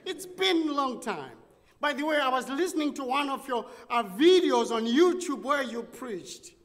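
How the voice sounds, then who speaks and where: A man's voice: extremely high pitch, very animated, moderate pace, fairly bright tone, exaggerated voice. A man doing a gushing, bubbly preacher. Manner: gushing and overly friendly. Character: cheerful, bubbling middle-aged male preacher. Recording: long church reverb.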